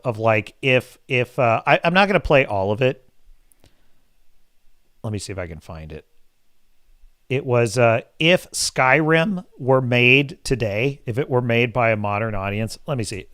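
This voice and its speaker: Dude ranting on his live show, swooping pitch, super dry close sound, crude and sarcastic. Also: fairly bright tone, no echo. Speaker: podcast host. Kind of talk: casual live-show rant.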